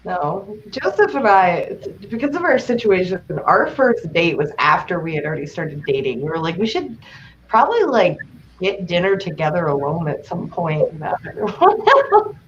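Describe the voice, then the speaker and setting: A woman telling a story in an animated way, her voice bouncing up and down in pitch as she laughs and acts out what people said. The sound is dull and lo-fi, with a faint hiss behind it. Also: normal speed. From grew up on a horse farm. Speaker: co-host. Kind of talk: casual chat.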